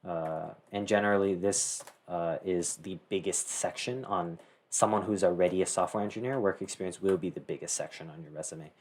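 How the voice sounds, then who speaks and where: A man's voice: deep voice, fairly quick, a little mellow. A teenage boy casually talking through a screen-share tutorial, rambling with many fillers and self-corrections. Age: teens. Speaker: tutorial host.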